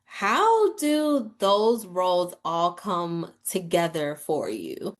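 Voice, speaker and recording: A woman hosting a podcast interview, affirming her guest and asking unhurried questions. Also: fairly low pitch, big pitch swings. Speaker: podcast host.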